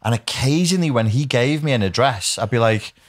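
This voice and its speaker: A man's voice: mid-range voice, animated, a little fast. A man with a Wirral accent hosting a podcast, chatting casually, swearing and laughing often. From Wirral, England. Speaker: podcast host. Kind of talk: casual chat.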